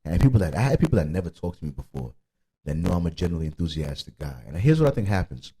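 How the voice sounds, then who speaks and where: A man's voice: sits low, big pitch swings, fast talker, warm tone, slightly rough, low-quality recording. A man with a Detroit accent hosting a podcast, talking casually and animatedly, swearing freely and repeating "you know what I mean.". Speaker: podcast host.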